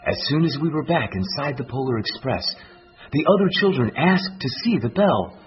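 A man narrating a children's Christmas story aloud in an expressive, storybook style. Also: medium pitch, moderate pace. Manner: expressive, animated reading. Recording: dull lo-fi recording, faint music.

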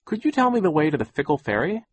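Plucky teen girl, pitched way up, pushy and pleading, a guy doing her voice, close dry mic. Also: sing-song, fast, breathy edge, no room sound. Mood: fake polite. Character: brave resourceful teenage girl.

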